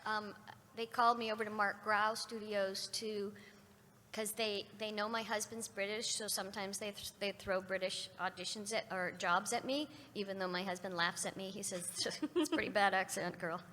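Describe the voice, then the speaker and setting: A middle-aged woman voice actor answering fan questions at a convention panel with playful, animated storytelling. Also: medium pitch, normal speed, slight background noise. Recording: reverberant convention hall.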